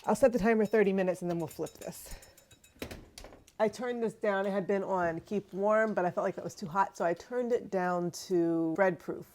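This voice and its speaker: A woman's voice: medium pitch, moderate pace, warm tone, a little hiss or hum. Chatty exasperated woman vlogging. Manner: chatty, exasperated, self-mocking. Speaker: cheesemaking channel host. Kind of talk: casual kitchen vlog talking to camera. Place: home kitchen.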